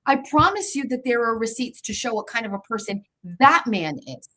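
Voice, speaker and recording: A woman's voice: a little high, lively intonation, fairly quick, few pauses, sharp tone, poor audio. Heated, defiant woman host ranting. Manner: defiant, profane, repeats herself. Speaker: show host. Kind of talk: heated livestream monologue.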